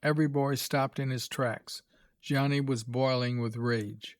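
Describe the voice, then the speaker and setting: Brief: male narrator for a graded reader, mid pitch, dry and close. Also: no echo. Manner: measured, even storytelling.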